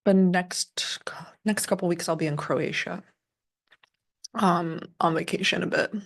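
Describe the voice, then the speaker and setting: A woman's voice: fairly low pitch, moderate pace, vocal fry, fairly bright tone. A young woman casually chatting as a co-host of a live trading stream, rambling with lots of fillers and restarts. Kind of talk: casual livestream chat.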